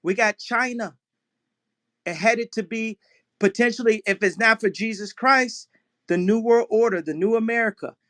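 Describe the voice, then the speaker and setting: A man with a fairly high voice speaks over a phone in a live audio chat room. He rambles from one point to the next, jumps between tangents and keeps breaking into laughter. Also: moderate pace, bright, forceful tone. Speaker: guest speaker. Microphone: phone in an online audio chat room.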